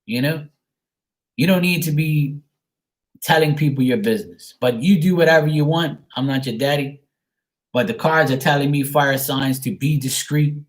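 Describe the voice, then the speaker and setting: A man's voice: medium pitch, normal speed. A man giving a live-streamed tarot card reading, talking frankly and greeting his viewers by name.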